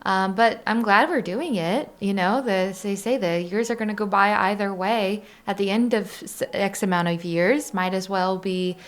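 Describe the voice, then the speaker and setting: A woman's voice: mid-range voice, normal speed, hardly any pauses. A woman co-hosting a casual chat, playful and jokey, talking about learning digital art. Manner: playful, joking, chatty. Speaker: co-host, artist.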